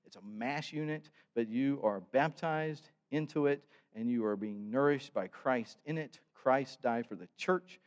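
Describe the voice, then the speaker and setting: A man's voice: medium pitch, a little slow, hardly any pauses. Folksy preacher, man. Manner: folksy storytelling, acts out the people he describes. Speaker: pastor. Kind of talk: sermon.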